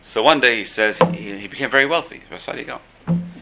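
A man's voice: medium pitch, animated, fairly quick, vocal fry, over loud music. A man giving a storytelling religious class, repeating phrases for emphasis.

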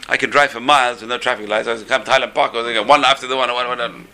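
A man's voice: medium pitch, steady tone, racing, few pauses, bright, forceful tone, a little hiss or hum. A man giving a storytelling religious class, repeating phrases for emphasis.

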